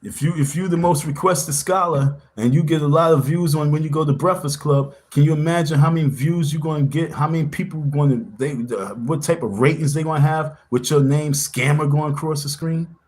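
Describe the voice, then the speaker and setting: A man's voice: a little high, brisk, hardly any pauses, a little mellow. A man hosting a casual livestream, talking in an insistent, confrontational way and repeating himself for emphasis. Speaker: livestream host.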